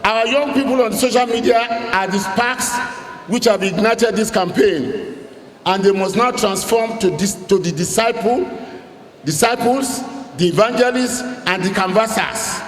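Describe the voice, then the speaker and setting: A man's voice: high-pitched, unhurried. A man giving a rousing, emphatic rally speech as a campaign director general, calling out to the crowd. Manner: rousing, emphatic oratory with crowd call-outs. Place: large hall at a rally. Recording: echoey hall recording with faint ambience.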